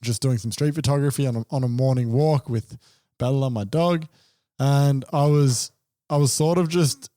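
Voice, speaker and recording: A young man tells a story on a casual podcast, acting out each exchange and swearing freely. His voice is warm and mellow, recorded close and dry, with no room sound. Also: medium pitch, normal speed, dry recording. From Australia. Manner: animated, acts out dialogue, swears freely. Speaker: podcast co-host.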